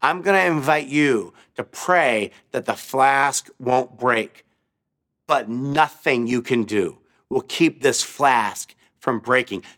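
A man's voice: medium pitch, slow, fairly bright tone. A male preacher voicing a sarcastic, mocking professor in a sermon story, sneering and theatrical.

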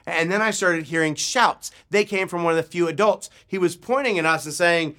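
Bright, animated preaching man. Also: sits high, fairly quick. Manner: animated, acts out shouts in his story. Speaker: pastor. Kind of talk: sermon storytelling. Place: church.

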